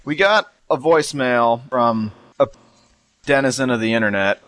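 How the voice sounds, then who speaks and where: A man's voice: mid-range voice, moderate pace, fairly bright tone, no echo. A man hosting a podcast in casual chat, joking and laughing often. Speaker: podcast host.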